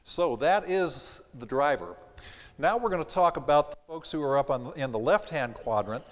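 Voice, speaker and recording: A man giving a live seminar on sales and personality styles, with a slight Southern accent, animated and acting out his customers' lines. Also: on the high side, normal speed. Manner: animated, acts out quoted customers. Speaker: sales trainer. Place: theater stage. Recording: reverberant theater hall.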